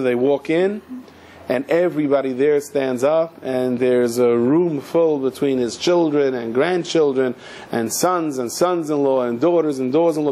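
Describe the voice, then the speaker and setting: A rabbi telling a story in a sermon, lively, moving between narration and acting out the characters. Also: male voice, mid-range voice, a little hiss or hum. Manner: animated, acts out the characters in a story.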